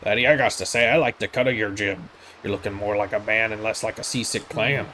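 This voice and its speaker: A man voicing a gruff male sea-captain turtle boatman in pirate talk, reading game dialogue aloud. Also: lowish voice, fairly even intonation, quick pace, sharp tone, a little hiss or hum. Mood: hearty. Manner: pirate talk, jolly and teasing.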